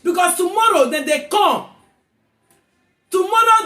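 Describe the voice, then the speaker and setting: Heated high-pitched Nigerian woman ranting. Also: animated, measured pace, reverberant. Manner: heated, repeats herself, often shouting. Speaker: vlogger. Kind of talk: angry rant to camera.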